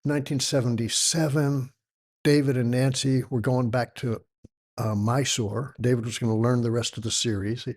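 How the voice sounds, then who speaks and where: Man in his 60s, from Texas, yoga teacher, animated storyteller, mid-pitched voice. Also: normal speed. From Texas, United States. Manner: animated storyteller who acts out quoted voices. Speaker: yoga teacher, podcast guest. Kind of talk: storytelling in a conversational interview.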